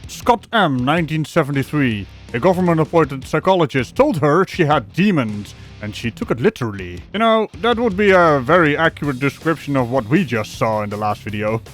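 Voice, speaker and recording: A man's voice: a little high, big pitch swings, a little fast, few pauses, soft background music. A man hosting a mocking comedy commentary video, talking in a sarcastic, ranting, jokey way.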